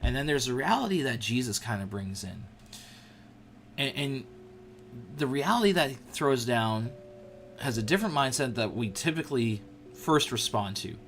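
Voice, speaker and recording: A man hosting a livestream, giving a casual devotional talk to viewers in an animated, joking way, often restarting his sentences. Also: mid-range voice, normal speed, long pauses, soft background music. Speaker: livestream show host.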